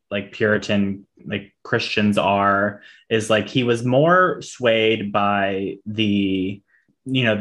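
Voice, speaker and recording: A man's voice: fairly low pitch, a bit bright. Man hedging with lots of fillers. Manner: loose and hedging, many "like" fillers. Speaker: podcast co-host. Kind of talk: casual movie discussion.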